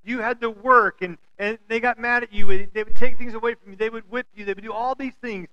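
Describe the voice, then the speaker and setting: Bright, animated male preacher. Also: very high voice, brisk, clear, resonant tone, dull audio. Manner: animated storytelling with acted-out quotes and humor. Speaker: pastor. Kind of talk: sermon.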